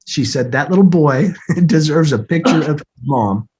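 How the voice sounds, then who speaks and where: A man's voice: medium pitch, animated, normal speed. Earnest man telling a personal story. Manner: earnest, repeats words, laughs softly while telling. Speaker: podcast guest. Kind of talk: emotional storytelling interview. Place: home, snowing outside.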